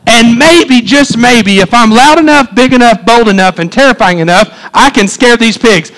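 A man preaching a sermon, telling a hunting story in an animated, emphatic way and acting out gunshot sounds. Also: extremely high pitch, normal speed, few pauses, slight background noise, rough recording. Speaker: pastor.

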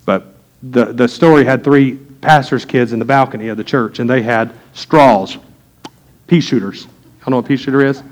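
A middle-aged pastor preaches a sermon, telling homely family stories and talking straight to the pews. His voice sits at an ordinary mid pitch for a man. He moves from folksy asides to earnest preaching. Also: normal speed. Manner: folksy storytelling, preaching to a congregation.

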